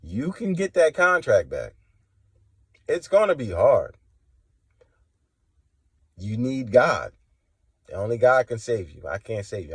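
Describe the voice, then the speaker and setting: A man giving impassioned spoken testimony, preachy and confrontational, swinging from low and quiet to loud and high. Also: sing-song, measured pace, pauses often, breathy edge, no room sound. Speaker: religious testimony vlogger.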